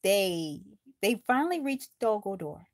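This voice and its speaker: A woman's voice: mid-range voice, very animated, a little slow, dry recording, clean studio sound. A woman improvising a toy story, narrating with halts and restarts.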